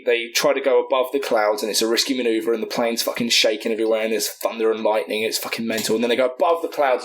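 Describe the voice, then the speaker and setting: A man co-hosting a comedy podcast who casually tells a film pitch, rambling, swearing freely and talking with enthusiasm. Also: a bit bright.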